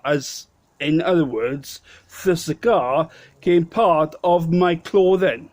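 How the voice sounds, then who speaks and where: A Welsh vlogger with a stutter tells a rambling holiday story to camera in his local pub, stammering and correcting himself as he goes. His voice is fairly high, slow and darkish in tone, with no echo.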